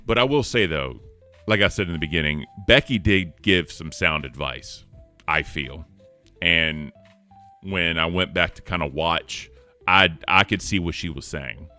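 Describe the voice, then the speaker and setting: Man, show host, low voice, bright tone, casual rambling chat, faint music behind. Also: a little slow. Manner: earnest and thankful, rambling with fillers.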